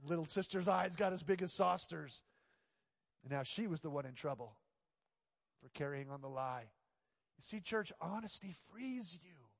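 Male pastor, sermon, storytelling delivery, emphatic repetition, high voice, long reverb. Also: normal speed, creaky, long pauses.

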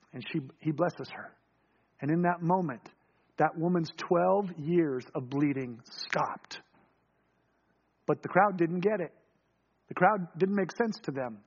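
A man preaching a sermon, telling the story and acting out quoted voices, swinging from quick, loud runs to low, hushed lines. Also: husky, muffled recording.

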